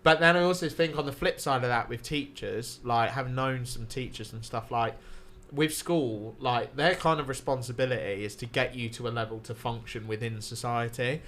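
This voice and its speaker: Bright-voiced man telling stories. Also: medium pitch, normal speed, few pauses. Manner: animated, swearing, laughing storyteller. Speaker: podcast guest. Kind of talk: casual storytelling.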